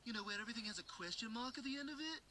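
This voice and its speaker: A fast, bright cartoon guy griping. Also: very high voice, expressive, a little hiss or hum, full character voice. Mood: exasperated. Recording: faint clip played from a speaker.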